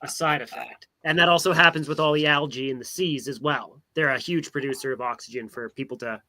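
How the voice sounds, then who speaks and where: A man's voice: medium pitch, fairly quick, pushed and bright, dry recording. A man chatting casually on a livestream in an easygoing way, laughing between his remarks. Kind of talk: casual chat.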